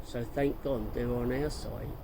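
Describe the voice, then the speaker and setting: A man's voice: medium pitch, steady tone, unhurried, vocal fry, background noise. A man voicing a playful, show-off family man who narrates a mock nature documentary in grandiose tones.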